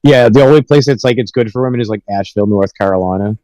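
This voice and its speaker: A man's voice: fairly low pitch, rapid-fire, mellow, poor audio. A man co-hosting a casual podcast, rambling through his points with lots of fillers and joking asides. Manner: rambling, filler-heavy, jokey. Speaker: podcast co-host. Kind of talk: casual chat.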